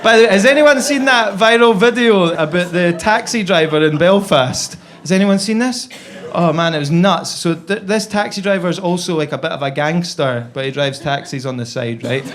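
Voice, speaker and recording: A man's voice: high voice, normal speed, few pauses, a bit bright. A young Scottish man performing a stand-up comedy set, brash and swearing, acting out the people in his stories. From Scotland. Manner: brash, swearing, acts out quoted voices. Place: comedy club stage with live audience.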